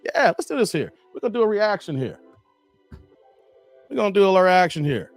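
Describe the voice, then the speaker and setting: A man with a high, lively voice holds forth on his livestream, blunt and animated as he talks straight to his chat. Faint music sits quietly under his voice. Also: a little fast, no room sound. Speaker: livestream host. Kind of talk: casual livestream commentary.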